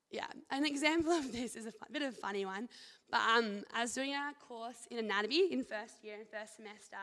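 A young woman with a fairly high voice shares her faith testimony in an earnest, rambling way, full of "like" and "I think". Her words ring out with the long reverb of a hall. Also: bright, forceful tone. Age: young adult. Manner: earnest, chatty, leans heavily on "like" and "I think". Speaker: speaker sharing a faith testimony. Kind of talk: personal testimony and scripture reading.

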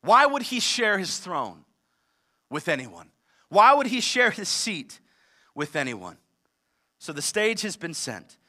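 A man preaching a sermon as pastor, moving between forceful emphatic passages and conversational asides. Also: sits high, sing-song, takes it slowly, long pauses. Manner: preaches with rising intensity, mixes emphatic and conversational. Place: church service in a large theater.

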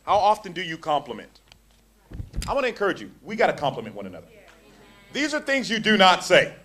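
A man preaching an animated, jokey sermon, often repeating words as he builds up. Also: sits high, a little fast, a little hiss or hum.

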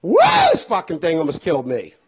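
A man's voice: on the high side, big pitch swings, moderate pace, darkish tone, slightly rough. A middle-aged man telling a casual, exasperated story with lots of swearing. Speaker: vlogger.

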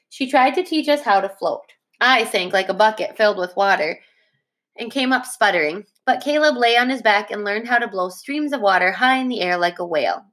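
A woman teacher reading a chapter book aloud to her class, in a steady, plain way that stops to correct its own slips. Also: mid-range voice.

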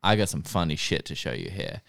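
A man's voice: extremely low pitch, a little fast, creaky, dry recording, studio quality. A man co-hosting a casual podcast, recapping a TV show, swearing and acting out the characters' lines. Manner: animated, swearing, acts out quotes. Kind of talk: casual chat.

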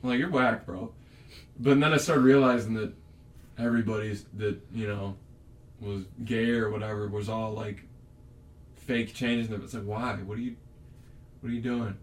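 A man's voice: lowish voice, fairly even intonation, moderate pace, pauses often. A man in a casual chat, blunt and swearing freely.

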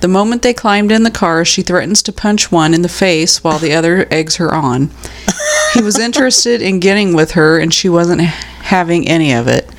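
A woman's voice: fairly low pitch, moderate pace. A woman co-hosting a podcast, reading out stories in a casual way and laughing often. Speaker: podcast co-host. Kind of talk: casual storytelling chat.

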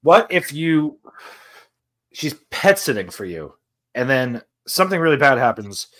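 A man's voice: medium pitch, very animated, unhurried, a bit bright. Rambling young man, casual podcast chat. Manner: rambling hypotheticals, lots of "like". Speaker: podcast co-host.

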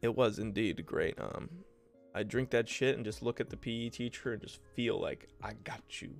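Gravelly young man rambling on a podcast. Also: mid-range voice, normal speed, soft background music. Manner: profane, self-mocking, rambling. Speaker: podcast host. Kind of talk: casual rambling storytelling. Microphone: home desk mic.

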